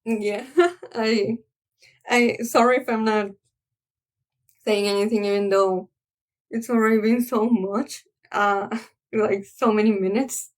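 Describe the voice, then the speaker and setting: A woman giving a casual spoken film review, earnest and halting as she searches for her words. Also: medium pitch, fairly even intonation. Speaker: anime reviewer.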